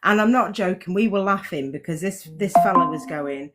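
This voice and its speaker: A woman's voice: lowish voice, normal speed, loud music behind the voice. A woman hosting a podcast, chatting casually and telling stories about fake psychics with a mocking tone. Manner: chatty, tells anecdotes, mocks fake psychics. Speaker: podcast host.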